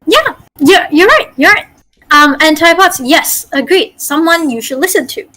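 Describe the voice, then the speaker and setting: Woman from Malaysia, high voice, chatty coaching host of an online workshop. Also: a bit bright, low-quality recording. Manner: chatty, coaching, gives corrections with quick fillers. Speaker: workshop host and dungeon master. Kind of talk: teaching an online voice-acting workshop.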